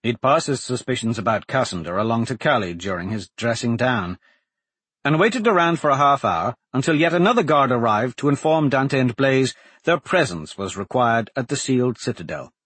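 A man reads fantasy fiction aloud in a measured, dramatic storytelling manner. His voice is husky and mid-pitched, recorded dry and close with no room sound. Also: big pitch swings, fairly bright tone, no room sound. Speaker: audiobook narrator. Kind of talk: scripted audiobook narration.

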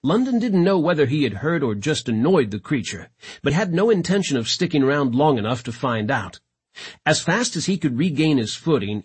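A man narrating a science fiction audiobook in a dramatic, expressive reading style. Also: mid-range voice, husky.

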